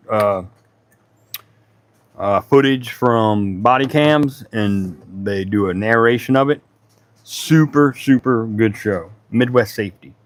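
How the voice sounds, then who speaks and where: A middle-aged man hosting a woodworking livestream from his home workshop. He chats casually and rambles, greeting viewers by name. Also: mid-range voice. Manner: laid-back, rambling, talks to chat by name.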